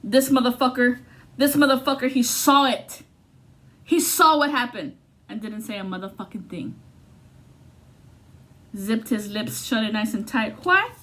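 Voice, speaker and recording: A woman giving a casual, profane tarot reading, swinging between loud outbursts and low muttering. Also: expressive, measured pace, pauses often. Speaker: tarot reader.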